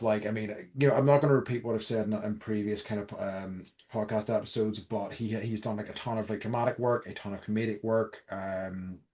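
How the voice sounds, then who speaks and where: A man's voice: lowish voice, darkish tone. A young man from Northern Ireland co-hosting a film podcast in casual chat, rambling with lots of fillers and restarts. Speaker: podcast co-host.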